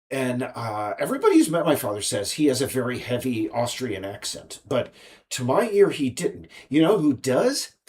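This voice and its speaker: A man's voice: medium pitch, darkish tone. A man, an indie game developer, talking alone in a rambling monologue, stopping and restarting often. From United States. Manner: halting, many restarts and fillers.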